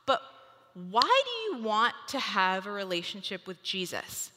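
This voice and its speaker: Woman, 30s, devotional speaker, bright tone, chatty and playful, long hall reverb. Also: medium pitch, huge pitch swings, unhurried. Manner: chatty, acts out family dialogue. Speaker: speaker giving a devotional talk. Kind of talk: conversational devotional talk.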